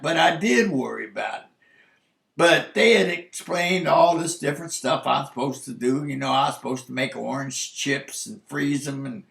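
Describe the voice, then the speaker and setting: A man telling a personal story in a rambling, halting way, full of restarts, his voice rising sharply when he is incredulous. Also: gravelly, a bit bright. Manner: rises sharply in pitch for incredulous asides. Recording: echoey room.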